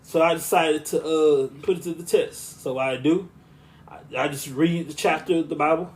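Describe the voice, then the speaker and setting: Man with a smooth, monotone voice. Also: a little high, normal speed. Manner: rambling, with frequent restarts and asides. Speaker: podcast host and preacher. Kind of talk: casual podcast talk.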